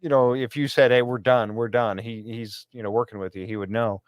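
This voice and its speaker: A man's voice: mid-range voice, fairly even intonation, a little fast, no echo, studio quality. A man co-hosting a casual interview, reacting briefly and asking follow-up questions. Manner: encouraging listener, short reactions. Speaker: co-host.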